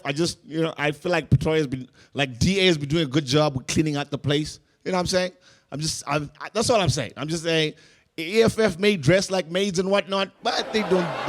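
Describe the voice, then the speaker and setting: A young man, doing animated stand-up storytelling and acting out voices. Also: fairly high pitch. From South Africa. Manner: animated, acts out voices, laughs through lines. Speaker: stand-up comedian. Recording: noisy live room.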